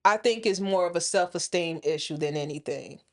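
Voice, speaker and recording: A woman's voice: on the low side, fairly quick. A woman in her thirties or forties co-hosting a podcast, talking frankly and opinionated in casual chat, swearing freely. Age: 30s to 40s. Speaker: podcast co-host.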